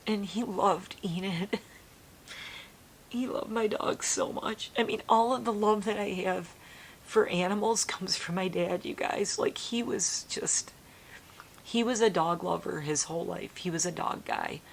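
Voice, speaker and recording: Talking to camera in an unhurried, mid-range voice with vocal fry, a middle-aged woman vlogs casually. She rambles emotionally and speaks softly with laughter, at times nearly whispering, over a faint hiss or hum.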